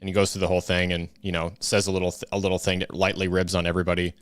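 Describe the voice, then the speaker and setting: A man's voice: low-pitched, monotone, rapid-fire, clear, resonant tone. A man co-hosting a casual live-stream show, telling stories with lots of fillers and restarts. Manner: rambling storyteller, many fillers and restarts. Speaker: co-host.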